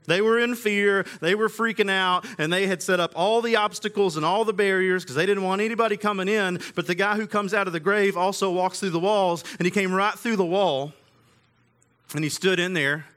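A man's voice: sits high, fairly even intonation, a little fast, a bit bright. A man preaching a sermon in a casual, conversational way, with everyday slang. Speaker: pastor.

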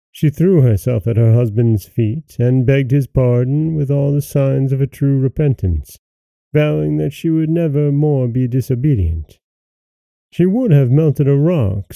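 Male storyteller, measured fairy-tale narration, low and gravelly. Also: mellow, no echo. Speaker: host and storyteller.

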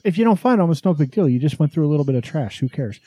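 A man's voice: a little high, animated, very fast, mellow, slightly rough, no echo. A middle-aged man co-hosting a podcast, telling a family story in a boastful, profane way and acting out both sides of a conversation. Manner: boastful, swears freely, acts out dialogue. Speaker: podcast co-host. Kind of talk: casual storytelling chat.

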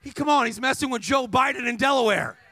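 A man preaching a sermon as a guest speaker, telling stories energetically with humor, asides to the crowd and emphatic shouts. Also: very high voice, fast talker, no echo. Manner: energetic storytelling with humor and call-and-response asides; emphatic, rising to shouts at climaxes.

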